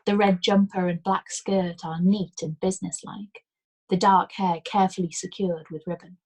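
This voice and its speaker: A woman reading a novel aloud as a bedtime storyteller, in a calm, measured way. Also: lowish voice, poor audio.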